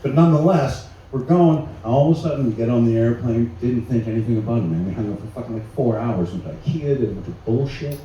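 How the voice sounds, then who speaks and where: Profane stand-up comedian in an echoey room. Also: male voice, medium pitch, fast talker, hardly any pauses, mellow, muffled recording. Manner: loose, profane, laughing through his bits. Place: small live venue with an audience. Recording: echoey room, mic heard from a distance, faint noise.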